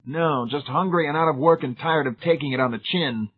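A man booming as a towering godlike zealot. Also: fairly quick, close to an everyday voice. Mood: gruff. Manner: booming, authoritative. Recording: tinny phone-like sound.

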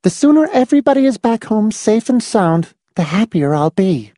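Cold, brisk spinster lady for an audiobook, voiced by a man, high and clipped, dry booth. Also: no echo. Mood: coolly brisk. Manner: brisk, calmly bossy. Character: prim, cold, matter-of-fact spinster woman. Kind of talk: audiobook character voice.

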